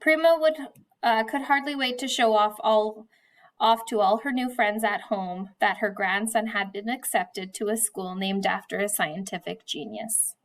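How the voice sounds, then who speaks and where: A woman's voice: mid-range voice, unhurried. A woman teaching a reading lesson, walking the class through a worksheet step by step and then reading a novel's chapter aloud, with some hesitant fillers.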